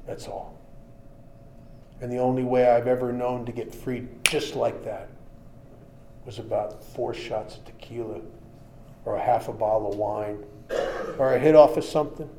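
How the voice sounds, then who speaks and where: A man's voice: mid-range voice, moderate pace, slight background noise. A man sharing his recovery story in a plain-spoken, humorous storytelling talk. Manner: plain-spoken and humorous, shifting between lively and quiet.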